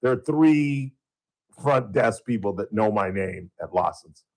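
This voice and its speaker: A man's voice: on the low side, animated, a little slow, vocal fry, darkish tone, low-quality recording. A man in his sixties hosting talk radio from a studio, telling rambling stories in casual chat. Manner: rambling storyteller. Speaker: radio host. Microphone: studio mic.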